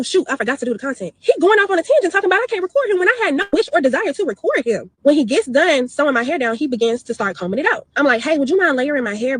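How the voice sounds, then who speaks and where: A young woman rattles through her story at a breakneck pace, indignant and wound up. Her voice is slightly husky and a touch high, and the recording is dry and close. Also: no echo. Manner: fast, indignant retelling. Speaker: customer telling her story. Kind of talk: storytime video.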